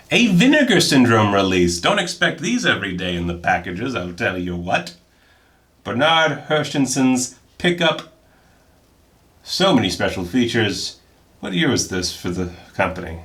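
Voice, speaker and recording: Man, film vlogger, casual unboxing chat, excitable, jokey, sudden high exclamations.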